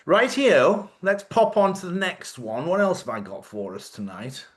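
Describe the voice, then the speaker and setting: A man's voice: mid-range voice, sing-song, moderate pace. A man hosts a loose, rambling live-stream chat in an everyday voice, sitting in the middle of the usual male range. He talks off the cuff, swears without thinking, and breaks into laughter between remarks. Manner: chatty, joking, swears freely, laughs often. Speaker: host.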